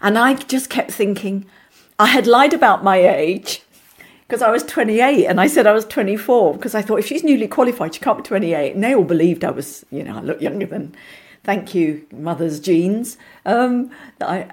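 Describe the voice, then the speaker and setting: An actress telling lively anecdotes in a casual interview, with frequent restarts and asides. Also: female voice, medium pitch, moderate pace, breathy edge. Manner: animated storyteller, many restarts, acts out voices. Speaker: actress guest.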